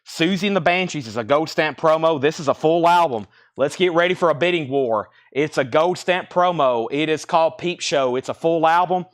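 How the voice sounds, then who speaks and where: Male host, slightly high voice, brisk auction patter listing records and prices, a bit winded. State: a bit out of breath. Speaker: host of a live record sale. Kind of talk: live auction selling.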